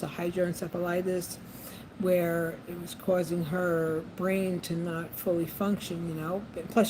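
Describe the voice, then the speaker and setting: A woman vlogging in a casual monologue, chatty and repeating herself with frequent ums. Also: lowish voice. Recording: noisy background ambience.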